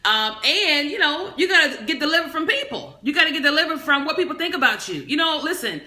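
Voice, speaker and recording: A woman hosting a live stream, teaching and motivating in a bold, loud, animated and talkative way. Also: high-pitched, fast, reverberant. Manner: preachy motivational, talks on and on. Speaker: business coach livestream host.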